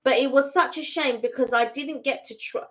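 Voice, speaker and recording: A woman's voice: sits high, fairly even intonation, brisk. A woman co-hosting a casual live stream from home, chatting in a loose, rambling way. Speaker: livestream co-host.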